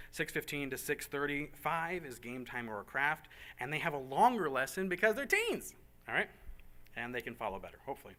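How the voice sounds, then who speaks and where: A man briefs a roomful of church volunteers in a casual planning meeting. His voice sits a little high with a bright, forward edge. He keeps things upbeat, tossing in quick jokes and asides and repeating himself as he goes. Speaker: church program organizer. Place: meeting room with a group present.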